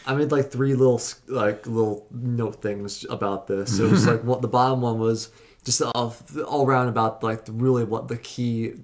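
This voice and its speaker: A man's voice: medium pitch, steady tone, moderate pace. A man appearing as a podcast guest, giving opinionated film criticism in casual chat and often chiming in with short agreements. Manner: frequent backchannel, opinionated.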